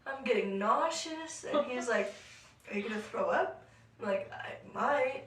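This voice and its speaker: A young woman co-hosting a podcast, telling a story in a casual, animated way, laughing often and acting out what people said. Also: fairly high pitch, a little slow, distant mic. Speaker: podcast co-host. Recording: echoey room, voice off-mic.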